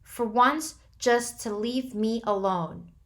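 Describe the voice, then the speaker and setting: A woman's voice: normal speed, close to an everyday voice. A woman reading the part of a badly hurt, frightened teenage boy, his voice shaky and pleading. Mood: upset. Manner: shaky, pleading, rising into high breaks.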